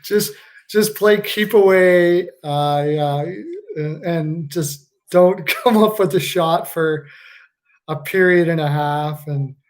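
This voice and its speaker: A man's voice: on the high side, takes it slowly. A man hosting a live stream, reacting casually to a hockey game. He jokes, laughs a lot and swears freely.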